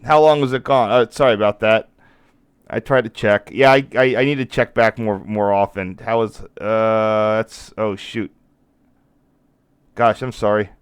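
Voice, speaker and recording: A man with a lowish, smooth voice talks his way through a live stream, rambling and cutting himself off. He is losing his voice a little. The sound is dry and close. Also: steady tone, measured pace, no echo. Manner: rambling, self-interrupting, apologetic. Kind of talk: casual live-stream commentary.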